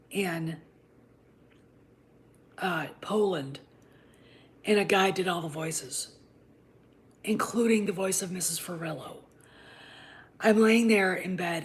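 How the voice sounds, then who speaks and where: A woman hosting a casual commentary vlog, talking in a blunt, profane and opinionated rambling way. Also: fairly low pitch. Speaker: host of a channel on the Star Wars franchise.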